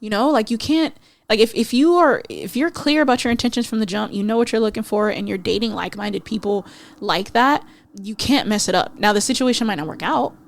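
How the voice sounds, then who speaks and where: A woman's voice: on the high side, brisk, vocal fry. A woman hosting a solo podcast, ranting bluntly and with profanity, slipping into mocking voices to make her points. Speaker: podcast host. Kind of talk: casual solo rant.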